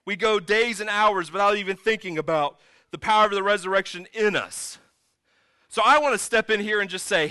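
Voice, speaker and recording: Male pastor, sermon delivery, light high voice, chatty then emphatic, dry close sound. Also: brisk, clear, resonant tone, no room sound. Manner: conversational, animated storytelling with sudden emphatic rises.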